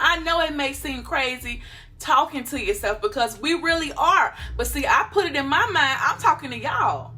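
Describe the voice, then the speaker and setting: A woman giving casual YouTube channel advice, animated and playful, acting out quick voices of others. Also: sits high. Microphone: phone camera.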